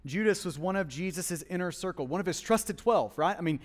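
A man preaching a sermon as pastor, with passionate swings between hushed and loud emphasis, speaking in a church. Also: sits high, expressive, brisk, long reverb tail. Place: church hall.

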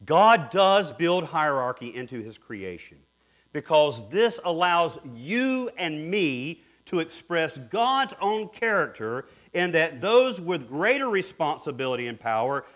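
A man preaching a sermon earnestly, dropping to hushed tones and rising to emphatic peaks. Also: a little high, very animated, a little slow. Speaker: pastor.

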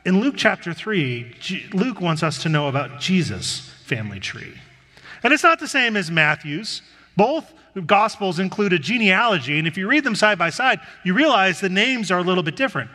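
Bright, high-voiced pastor in a reverberant hall. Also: male voice, sing-song, moderate pace. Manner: conversational storytelling. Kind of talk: sermon.

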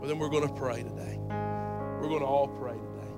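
A male pastor preaching a sermon in a church, talking straight to the congregation and swinging from soft, close words to loud emphatic lines. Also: mid-range voice, steady tone, fairly quick. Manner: talks directly to the congregation. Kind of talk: sermon with altar call. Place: church sanctuary. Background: soft live music, piano and guitar.

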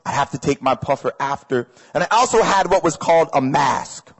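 A man preaching a sermon as a pastor, energetic and conversational, repeating phrases for emphasis to a crowd. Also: on the high side, a little fast, breathy edge. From Canada. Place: large hall with audience. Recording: echoey hall.

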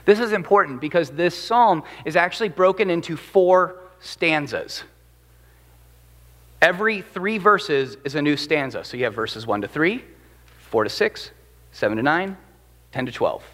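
Speaking at a measured pace in a large hall, this pastor has a slightly high voice. He delivers his sermon in a lively, chatty way and keeps asking the congregation questions.

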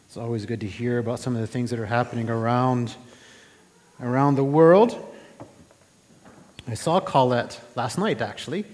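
A man preaching a sermon in a relaxed, conversational way, asking rhetorical questions and often restarting his phrases. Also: medium pitch, normal speed, pauses often. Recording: reverberant hall.

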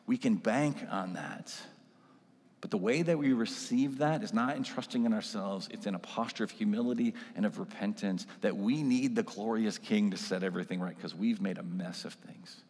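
A man's voice: fairly low pitch, moderate pace, a little mellow, breathy edge. A man preaching a sermon in a church, in a conversational style that keeps checking in with the congregation. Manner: conversational preaching with frequent tag questions. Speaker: pastor. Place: church sanctuary. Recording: long reverb of a church hall.

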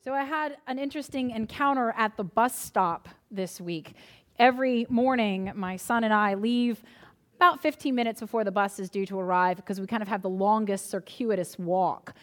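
A woman's voice: mid-range voice, normal speed, fairly bright tone, soft background music. A woman pastor preaching a sermon, telling a story in a conversational way before turning to earnest reassurance.

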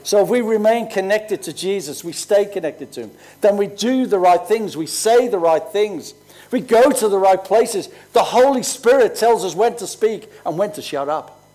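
Older pastor in his sixties, high-pitched, chatty storytelling sermon. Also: animated, normal speed, dark tone. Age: 60s. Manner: conversational, storytelling preacher. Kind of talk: sermon with personal stories.

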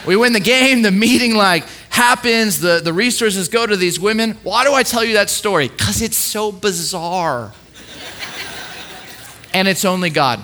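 A young man with a high voice preaches a sermon, taking his time as he tells a lively personal story. He acts out the voices of the people he quotes and often repeats his words along the way.

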